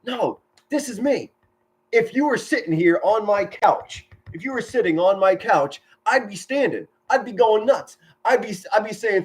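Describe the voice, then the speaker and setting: A middle-aged man giving excited live football play-by-play from home, shouting big plays and chatting warmly with his viewers. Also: high-pitched, normal speed. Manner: enthusiastic, yells touchdown calls, chatty and sentimental with viewers. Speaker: amateur play-by-play commentator streaming live.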